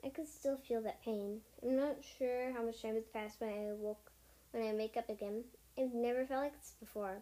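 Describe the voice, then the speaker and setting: A woman's voice: a little high, steady tone, moderate pace, dark tone, lightly acted. A woman voicing a proud, worried she-cat warrior in a first-person storybook reading, with small slips as she reads.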